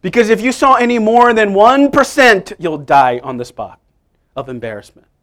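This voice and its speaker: A man's voice: sits high, lively intonation, moderate pace. Emphatic male pastor preaching. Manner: swings from quiet to loud, emphatic and playful. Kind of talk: sermon.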